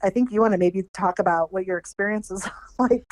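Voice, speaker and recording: A woman's voice: medium pitch, brisk. A middle-aged woman, a podcast guest, telling a story in a casual interview and acting out the people she quotes. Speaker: podcast guest, former animal control director.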